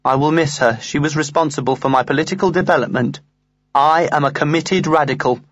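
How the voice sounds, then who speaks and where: A man reading a comic diary aloud in the first person, earnest and lively. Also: a little high, fairly quick, no echo, highs cut off. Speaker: audiobook reader.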